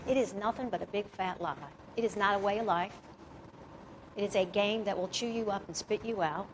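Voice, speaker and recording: A woman's voice: mid-range voice, low-quality recording. A woman speaking to an audience about her recovery, blunt and candid, with a mid-range voice. A faint hum of noise sits behind her. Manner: candid, blunt, plain-spoken. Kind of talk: personal recovery testimony to an audience. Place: jail, live event.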